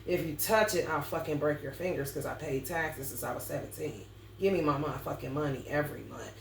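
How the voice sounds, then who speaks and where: A woman's voice: low voice, a little fast, creaky, slight background noise. A woman ranting bluntly and profanely in a casual astrology vlog. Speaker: astrology reader. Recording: roomy sound, distant mic, faint ambience.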